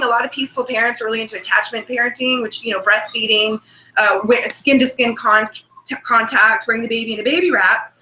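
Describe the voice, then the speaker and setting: A woman's voice: sits high, sharp tone, roomy sound, low-quality recording. A woman on a video call, explaining earnestly as a show guest, with frequent restarts. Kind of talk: casual video call chat.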